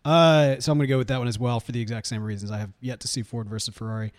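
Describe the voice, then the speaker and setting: A man in his thirties co-hosting a podcast in casual chat, animated and chatty and laughing often. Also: medium pitch, rapid-fire. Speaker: podcast co-host.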